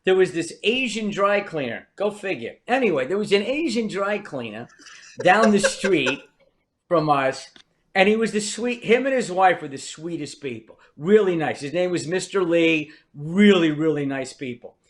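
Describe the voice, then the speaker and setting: A man's voice: sits high, animated, normal speed. An older man from New Jersey, a veteran comedian telling wry, rambling stories as a podcast guest. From New Jersey, US East Coast. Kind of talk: storytelling in a podcast interview.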